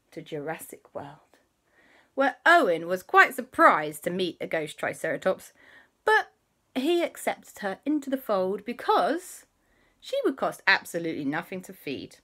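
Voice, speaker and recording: A woman improvising a playful children's story as host, jumping into little voices for each character. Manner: animated, voices characters with big pitch jumps. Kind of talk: improvised bedtime-style storytelling.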